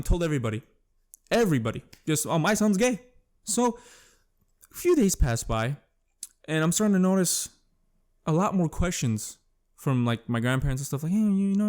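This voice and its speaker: A young man hosts a podcast on his own, rambling through crude stories packed with fillers and self-corrections in casual solo storytelling. His voice is on the high side and a little mellow.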